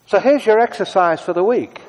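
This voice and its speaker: A man preaching a sermon in a conversational way, moving between brisk asides and hushed, prayerful tones. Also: sits high, long reverb tail.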